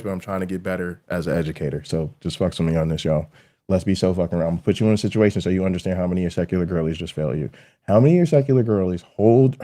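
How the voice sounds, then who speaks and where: A man's voice: low voice, warm tone. A man hosting a show, ranting heatedly and profanely at his audience and hammering his points again and again. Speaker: show host and college lecturer.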